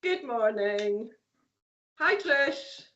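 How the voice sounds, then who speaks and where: A Scottish woman with a high, bubbly voice greets viewers in casual live-show chat and laughs often. The sound is roomy and a little dull. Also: lively intonation, drawn-out words, noisy background. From Scotland. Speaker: co-host and psychic medium.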